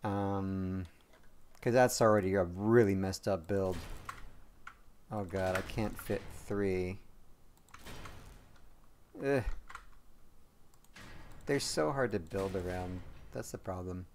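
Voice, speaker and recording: Slow-talking male game streamer. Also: sits low, darkish tone, slight background noise. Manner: chatty, rambling, talks to viewers; jokey, quick to apologize. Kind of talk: live gameplay commentary to chat.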